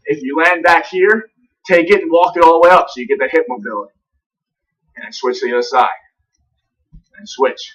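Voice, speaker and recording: Fitness trainer, male, slightly high and bright voice, a bit winded, recorded from a distance. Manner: instructive, repeatedly checks in with a quick "okay?". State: breathing a little heavy. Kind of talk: demonstrating a workout warm-up.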